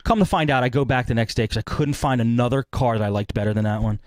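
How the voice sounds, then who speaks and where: Male podcast host, animated anecdote teller, fast delivery, dry mic. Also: medium pitch, no echo. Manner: rambling, animated retelling with acted-out quotes. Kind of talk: casual storytelling.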